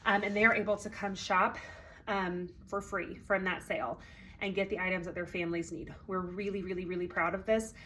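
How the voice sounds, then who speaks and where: A woman's voice: fairly low pitch, level tone, fairly quick, fairly bright tone, a little hiss or hum. A woman organizing a consignment sale, talking casually to sellers, with many ums, a little congested and out of breath. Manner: chatty, friendly, many ums.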